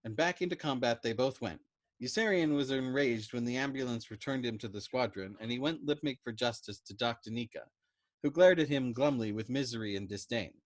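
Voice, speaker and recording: A man's voice: medium pitch, moderate pace, no echo. A man reading a novel aloud as narrator of a storytime podcast. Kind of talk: expressive book reading.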